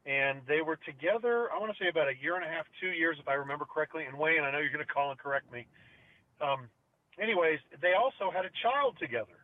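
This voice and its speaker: A middle-aged man rambles through a story in casual chat, slightly high-pitched and full of ums and restarts. His voice comes through narrow and phone-like, with a dry, close sound. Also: animated, fast, dry recording. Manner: rambling, many fillers and restarts. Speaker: podcast co-host.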